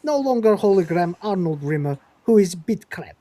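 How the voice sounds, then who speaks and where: A man's voice: high voice, big pitch swings, moderate pace, warm tone. A man putting on a stiff Russian-accented woman officer. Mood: haughty. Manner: thick put-on Russian accent, clipped article-less phrasing. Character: female Russian science officer, stiff broken English.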